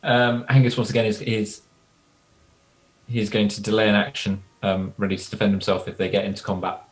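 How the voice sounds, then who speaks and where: A man at a tabletop game states his character's action and checks the rules. His voice sits a little low. He talks casually with friends. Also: flat delivery, brisk, rough recording. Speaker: player.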